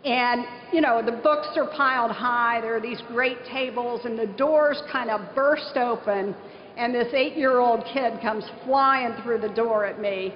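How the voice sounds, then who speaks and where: A woman's voice: a little high, a little slow. A middle-aged woman from southern Ohio giving an earnest conference keynote, telling stories with emphasis. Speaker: nonprofit leader giving a conference speech. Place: large conference hall. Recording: echoey hall, dull lo-fi sound, faint hiss.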